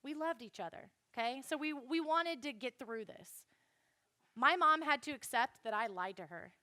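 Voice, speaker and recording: Bright high-voiced woman telling a story. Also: moderate pace, no echo, clean studio sound. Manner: chatty, animated, addresses the audience directly. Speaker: youth speaker. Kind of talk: storytelling Bible lesson.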